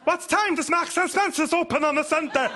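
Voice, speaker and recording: A man doing a loud North Welsh wife. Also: very high-pitched, brisk, voice pushed up. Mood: shouting. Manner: loud, over-enunciated, frustrated. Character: Welsh wife shouting at a voice assistant. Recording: noisy live radio recording.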